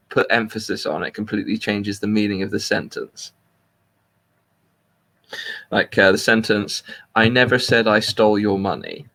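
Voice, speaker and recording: British guy cohosting, explains stuff patiently, lively pitch, laughs a lot. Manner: patient explaining, chuckles often. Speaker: co-host. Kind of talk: casual chat.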